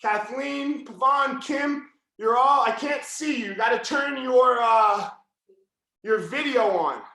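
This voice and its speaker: Loud, yelling jiu-jitsu coach. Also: male voice, very high-pitched, slow pace, very echoey. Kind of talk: live online class instruction.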